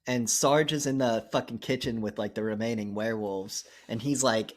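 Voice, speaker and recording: A man co-hosting a podcast, retelling a horror movie plot in casual, animated chat, swearing freely. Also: mid-range voice, normal speed. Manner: animated storytelling, heavy swearing, acts out quotes. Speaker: podcast co-host.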